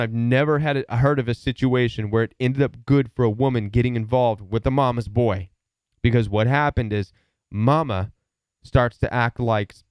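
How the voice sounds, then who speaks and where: A man's voice: medium pitch, clear, resonant tone, no echo. A man hosting a live stream, giving earnest, emphatic advice and telling stories in a casual way. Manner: emphatic, earnest, storytelling with repeated words. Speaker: live stream host, relationship advisor.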